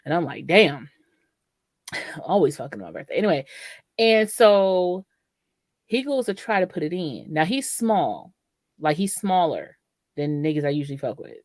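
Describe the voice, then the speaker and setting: A young woman talks into a close, dry mic, her pitch swinging widely as she tells a story. She is blunt and profane and acts out both sides of the exchange. The sound is casual podcast chat. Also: normal speed, dry recording. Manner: animated, profane, laughing storyteller. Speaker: podcast co-host.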